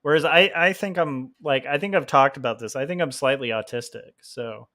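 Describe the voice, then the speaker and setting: Male streamer, easygoing and self-deprecating, talks in loose rambling asides at a middling pitch. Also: moderate pace, pushed and bright. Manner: rambling with many fillers, self-deprecating, laughs often. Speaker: livestream host and comic artist. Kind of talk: casual chat while drawing.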